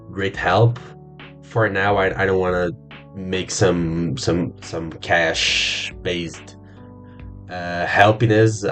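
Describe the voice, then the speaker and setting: A young Brazilian man hosting his own podcast in English as a second language, halting and repeating words, swearing casually. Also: sits low. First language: Portuguese. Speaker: podcast host. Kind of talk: casual solo podcast monologue.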